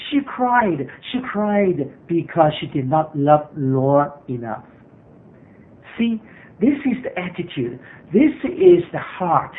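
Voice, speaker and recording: A man's voice: a little high, big pitch swings, takes it slowly. A man preaching a sermon as pastor, earnest and repetitive, with frequent hesitations. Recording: tinny phone-like sermon recording.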